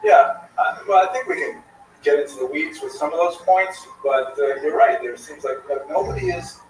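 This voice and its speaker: A man hosting a livestream discussion in a casual, animated way. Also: a little high, moderate pace. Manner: animated, tells jokes. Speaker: livestream host. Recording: echoey room from far off, faint noise.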